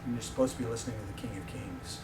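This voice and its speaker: His pitch swings hugely around a mid-range voice as this middle-aged visiting professor races through his sermon. He jokes with the audience and shares stories from his life. A distant mic in an echoey room captures it amid very heavy noise.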